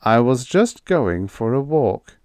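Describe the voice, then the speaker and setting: A man's voice: medium pitch, big pitch swings, slow pace, a little mellow, clean tone, no echo, studio quality, voice pushed up. A man reading aloud, voicing a guarded male space agent who keeps his voice level and careful.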